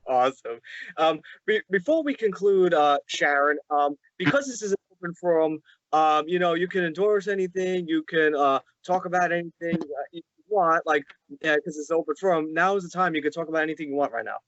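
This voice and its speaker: A man hosting a casual interview who speaks haltingly, with many pauses and restarts. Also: on the high side, a bit bright, no echo, highs cut off. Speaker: host.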